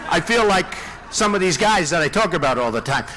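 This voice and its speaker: A man's voice: sits high, animated, brisk, bright, forceful tone, a little hiss or hum, rough recording. A man in his sixties, a presidential candidate giving a campaign rally speech in a large indoor venue, rambling and repetitive with boastful asides. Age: 60s.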